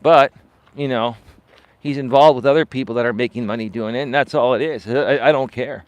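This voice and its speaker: Male coach ranting unscripted to his live viewers, mid pitch, dry sound, dismissive, leans on "right?". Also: fairly quick, no echo, dull audio. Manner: dismissive, emphatic, keeps asking "right?"; repeats words for stress. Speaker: life and dating coach, live-stream host. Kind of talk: unscripted live-stream monologue.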